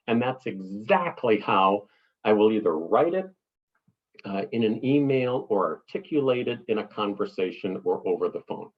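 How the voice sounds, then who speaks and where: A man's voice: mid-range voice, lively intonation, a little slow, lo-fi sound. A middle-aged man, cohost of a business talk, teaching in an emphatic way and acting out client reactions. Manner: emphatic, repeats words for stress, acts out client voices. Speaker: cohost, speaking business coach.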